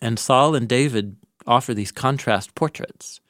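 A man co-hosting a podcast, casually walking through a Bible story and acting out its lines with animated delivery. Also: medium pitch, a little slow, no echo, clean studio sound. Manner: animated storyteller, acts out quoted lines with laughs. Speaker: podcast co-host, Bible teacher. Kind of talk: casual conversational Bible discussion.

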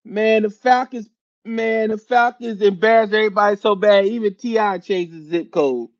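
Philly podcast host, high male voice, dry and slightly dull sound, animated profane sports rant. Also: normal speed, no echo. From Philadelphia area. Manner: animated, laughing, slangy and profane.

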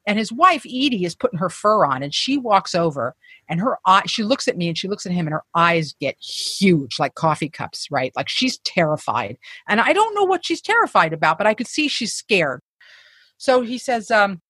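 A woman's voice: medium pitch, lively intonation, fairly quick, fairly bright tone, husky, no echo, studio quality. A woman guest telling candid, self-deprecating stories in conversation, with frequent profanity.

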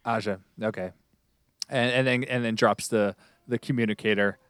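A man co-hosting a podcast in a relaxed, chatty way. His voice is smooth and resonant, and the recording is close and dry. He rambles happily and trips over names now and then. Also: on the low side, moderate pace, no room sound. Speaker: podcast co-host. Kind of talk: casual chat about a TV show.

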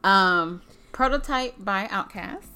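A woman's voice: mid-range voice, animated, slow, very noisy. A woman co-hosting a casual music chat, playful and laughing, often acting out song lyrics in voices. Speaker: co-host.

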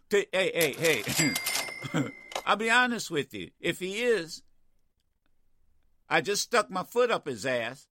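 A man's voice: on the high side, sing-song, slow, pauses often, sharp tone. An older man hosting a call-in radio talk show, blunt, fiery and profane with callers. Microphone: studio microphone.

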